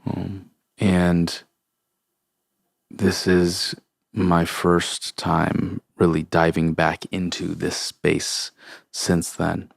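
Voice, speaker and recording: Young male podcast host, slow searching delivery, dry close sound. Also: low voice, monotone, vocal fry, dry recording. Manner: slow, halting, searching for words with many fillers; sincere, open about grief. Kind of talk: reflective solo podcast talk.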